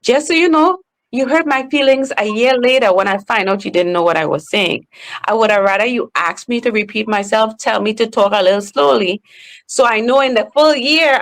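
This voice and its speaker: A professional speaker from Trinidad and Tobago, a woman with a Trinidadian accent, talks candidly and emphatically as a guest on a podcast, slowing down on purpose in casual conversation. Her voice is fairly high and a bit bright.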